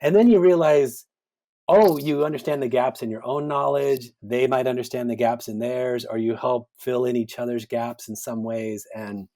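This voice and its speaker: Animated man, thoughtful podcast guest. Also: mid-range voice, normal speed. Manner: thoughtful, animated, acts out quoted voices. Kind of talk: conversational interview.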